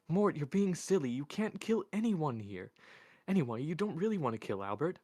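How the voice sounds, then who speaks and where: A man's voice: on the high side, very animated, normal speed, mellow, dry recording, clean studio sound, voice pushed up. A man voicing a frightened young woman who pleads urgently, reading a story aloud. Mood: pleading.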